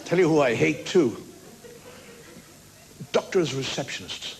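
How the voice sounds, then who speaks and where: A man's voice: a little high, lively intonation, unhurried, creaky, a little hiss or hum. A man delivering an exasperated stand-up monologue in front of a TV studio audience. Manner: exasperated, ranting. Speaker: comedian. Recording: studio audience laughing throughout.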